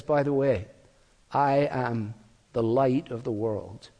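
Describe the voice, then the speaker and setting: A man preaching a sermon, speaking earnestly and slowing down to quote scripture. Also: fairly high pitch, darkish tone, in a large hall. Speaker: pastor.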